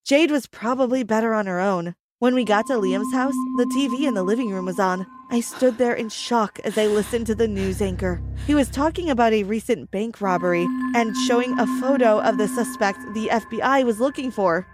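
A woman narrating a dramatic first-person story in an animated storytelling manner. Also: on the high side, fairly quick, hardly any pauses, music in the background.

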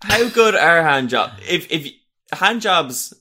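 A man's voice: on the high side, very animated, bright, forceful tone, slightly rough. A man co-hosting a comedy podcast, teasing and joking in casual chat. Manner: teasing, giggly, quick with jokes. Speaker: podcast co-host.

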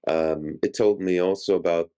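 A man's voice: low-pitched, fairly even intonation, normal speed, dark tone, smooth. A man, an interview guest, earnestly recounting a personal experience in vivid detail. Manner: earnest, vivid storytelling with gestures described.

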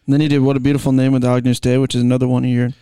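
Laid back podcast co-host guy, smooth clear voice, dry sound. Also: medium pitch, flat delivery, very fast, dark tone, no echo. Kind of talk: casual chat.

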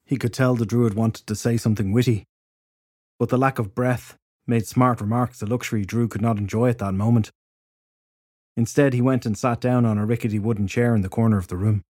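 A male narrator reading a fantasy audiobook in a steady, measured manner. His voice sits at a middle pitch. The recording is dry and close to the mic, with no room sound. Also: dry recording.

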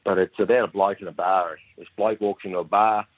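A man's voice: low voice, fairly even intonation, brisk, dry recording. Rambling Australian man on a tinny phone line. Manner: rambling, slightly tipsy. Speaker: caller leaving a message. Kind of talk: telling a joke by phone.

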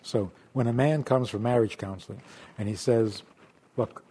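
A man teaching a Torah class, acting out imagined voices and laughing often, dropping to hushed asides and then rising loud. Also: medium pitch, steady tone, normal speed, slightly rough. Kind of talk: lively spoken Torah class.

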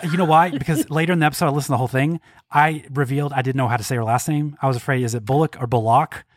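A man's voice: medium pitch, steady tone, very fast, no echo, studio quality. A man co-hosting a casual pop culture podcast, wry and self-deprecating. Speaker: podcast co-host.

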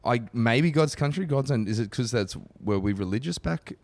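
A man's voice: mid-range voice, expressive, moderate pace, darkish tone, no room sound. A man in his thirties co-hosting a podcast, crude and laughing, chatting casually. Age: 30s. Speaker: podcast co-host. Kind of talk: casual chat.

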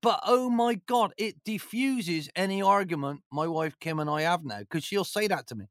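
A man's voice: high voice, animated, moderate pace, fairly bright tone, no room sound, studio quality. A man, a former football manager, chatting in an interview, rambling and jokey with lots of "you know"s. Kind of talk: casual storytelling chat.

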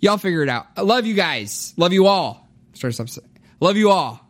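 A man's voice: sits high, sing-song, a little fast. A man hosting a church podcast, joking and rambling through announcements and banter. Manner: jokey, rambling. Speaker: podcast host. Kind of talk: casual chat.

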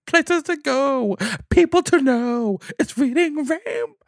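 A man doing a high singsong kids' reading host. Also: gravelly, no echo, studio quality, heavily acted. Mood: dreamy singsong. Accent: New York Bronx. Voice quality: slow, sweet, sung-out falsetto.

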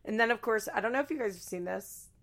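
A young woman casually recapping a reality show, chatty and animated, putting on shrill voices when she quotes people. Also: quick pace.

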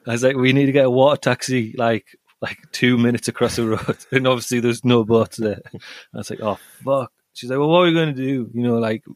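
A man's voice: mid-range voice, brisk, no echo. Rambling young man telling stories. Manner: rambling, says 'like' a lot, laughs while telling stories. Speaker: podcast co-host. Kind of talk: casual chat, storytelling.

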